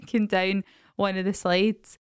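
A Scottish woman chatting on a podcast and spinning stories with lots of energy. Her voice is smooth and clean, recorded close and dry with no room sound. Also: mid-range voice, slow, no echo. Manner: animated storyteller. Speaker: podcast co-host. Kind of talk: casual chat.

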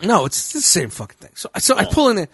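A man's voice: sits high, huge pitch swings, fast, fairly bright tone, breathy edge, no echo. A man co-hosting a podcast, talking casually in a rambling, profane way and laughing often. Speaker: podcast co-host. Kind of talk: casual chat.

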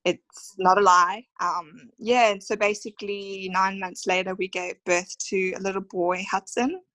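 A woman's voice: mid-range voice, fairly even intonation, unhurried, sharp tone, no echo, low-quality recording. A woman in her thirties with an Australian accent, telling her personal story as a podcast guest in a heartfelt, emotional way with many fillers. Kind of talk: conversational storytelling interview.

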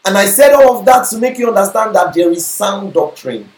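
A man's voice: high voice, lively intonation, a little fast, hardly any pauses. A man preaching a sermon, often checking in with the congregation with questions like whether they follow him. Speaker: pastor. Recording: echoey room.

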